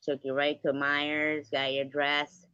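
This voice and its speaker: A woman's voice: deep voice, completely flat delivery, takes it slowly, a bit bright, smooth, no echo. A woman hosting a casual livestream, rambling and sarcastic in a gossipy, profane rant. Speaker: livestream host. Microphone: livestream setup. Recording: dull lo-fi sound.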